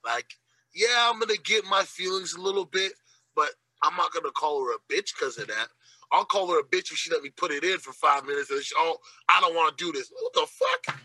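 A man hosting a casual podcast, telling crude stories in an animated, profane way with loud outbursts. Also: on the high side, a little fast, breathy edge, dry recording, poor audio. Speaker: podcast host. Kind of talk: casual, crude comedic chat.

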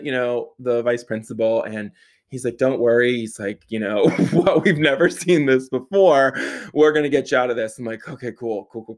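A young man tells a story in a loose, casual way. He swears freely and keeps breaking into laughter as he goes. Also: medium pitch. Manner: animated, profane, laughing often while telling the story. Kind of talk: casual anecdote telling.

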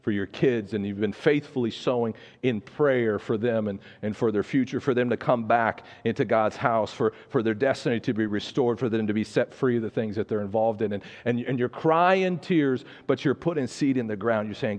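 A man's voice: mid-range voice, fairly quick, few pauses, a little mellow, long reverb tail. A male pastor preaching a sermon in earnest, often repeating words as he builds his point. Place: church sanctuary.

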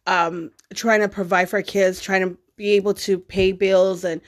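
A woman in her forties talking casually with her grown children. She is blunt and swears easily, and she leans on fillers as she thinks aloud. Her voice sits at an average pitch. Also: little pitch movement, moderate pace. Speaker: podcast host, mother. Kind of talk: casual family chat.

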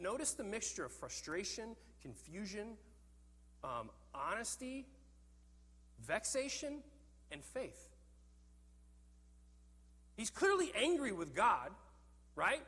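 A man preaching a sermon in an earnest, animated way, often repeating words as he thinks. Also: fairly high pitch, husky, long reverb tail.

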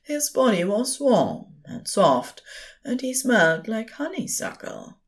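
A woman reading a story aloud as unhurried audiobook narration, very expressive. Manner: low, slow, very expressive. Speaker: podfic reader.

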